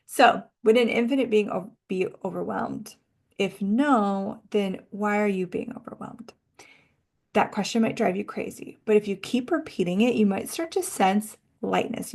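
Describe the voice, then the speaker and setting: A woman hosting a self-help podcast, talking reflectively in a casual, musing way, often slowing down and drawing out words. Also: mid-range voice, creaky, a bit bright. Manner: musing, conversational, uses "like" a lot. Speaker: podcast host and energy coach.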